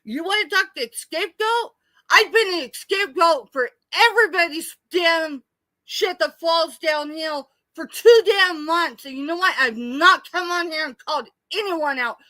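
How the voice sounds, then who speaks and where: A woman's voice: very high voice, a little slow, pushed and bright, no echo. A middle-aged woman, ranting angrily and tearfully on a late-night live stream. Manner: angry, tearful, confrontational.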